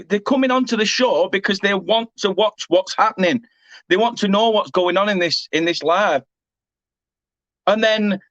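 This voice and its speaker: Fan-channel host, English man, fed-up swearing rant, higher voice, muffled home recording. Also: fairly bright tone, no echo. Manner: agitated, swearing, repeatedly apologising. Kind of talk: angry rant to camera.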